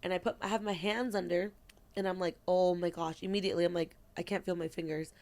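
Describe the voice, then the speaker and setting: A young woman co-hosting a podcast, telling an animated story in casual chat, acting out quoted lines and swearing freely. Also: fairly low pitch, quick pace. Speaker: podcast co-host.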